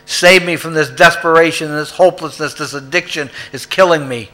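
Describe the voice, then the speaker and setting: A man voicing a desperate male addict who shouts for help from a hole. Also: a little fast, soft background music, natural voice, poor audio. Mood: pleading. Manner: loud, pleading, raised pitch.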